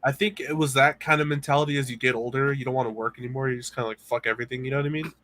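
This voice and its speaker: A man co-hosting a casual chat podcast, talking in a loose, profane way at a middling pitch. His delivery is unhurried and conversational. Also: fairly even intonation, fairly bright tone, no echo. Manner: laid-back, profane banter. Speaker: podcast co-host.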